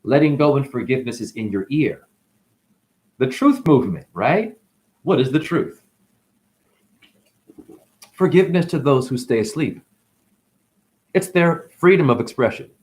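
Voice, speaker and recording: A man giving a free-flowing spiritual monologue on his channel. He talks animatedly, calls the listener honey, and swings between loud bursts and whispers. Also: measured pace, pauses often. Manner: animated, sudden jumps in pitch and loudness. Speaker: spiritual vlogger.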